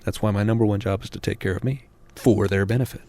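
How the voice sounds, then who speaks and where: A man's voice: on the low side, steady tone, fast, dark tone. An American man, a parenting author, answering a radio interviewer in an earnest way that builds to emphatic peaks.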